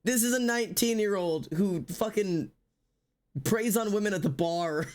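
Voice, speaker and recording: A woman with a medium-pitched, slightly mellow voice chats at a moderate pace during a casual live stream. She rants and swears, letting out dramatic wails of mock despair.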